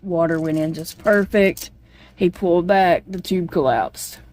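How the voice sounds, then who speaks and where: A woman's voice: fairly low pitch, a little slow, darkish tone. Rambling woman vlogger. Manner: rambling, plainspoken storytelling with frequent fillers. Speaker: chronic illness vlogger. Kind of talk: casual vlog chat.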